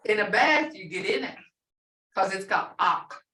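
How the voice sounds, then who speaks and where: A woman's voice: medium pitch, animated, unhurried, sharp tone. An older woman teaching a language class, explaining phrases plainly with many examples and asides. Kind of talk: language lesson. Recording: roomy, from far off.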